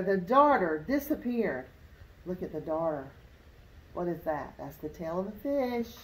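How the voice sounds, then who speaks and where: A woman's voice: on the low side, sing-song, a little slow, slight background noise. A woman teacher reading a storybook aloud to children, expressively pointing out things in the pictures as she goes. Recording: roomy echo.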